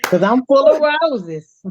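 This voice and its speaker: A woman's voice: a little high, very noisy. A woman guest on a casual panel chat, sassy, calling people baby and honey.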